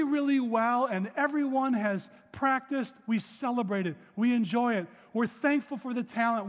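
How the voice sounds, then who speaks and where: A man preaching a sermon in a church, reading scripture in a lowered, softer voice and then speaking earnestly to the congregation. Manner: earnest preaching, dropping low and soft for scripture. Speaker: pastor. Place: church sanctuary. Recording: long hall reverb.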